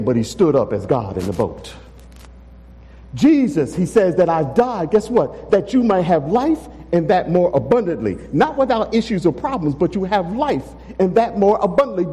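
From the pulpit, a pastor from Texas speaks with emphasis in a remarkably high, mellow voice, challenging his listeners with rhetorical questions. His sermon echoes with the lengthy reverb of the sanctuary.

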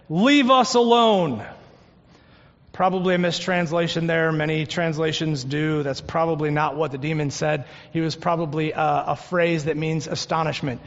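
Brief: male pastor, high voice, earnest sermon delivery, muffled church room. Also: in a large hall. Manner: earnest preaching, drops to a hush on key points. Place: church sanctuary.

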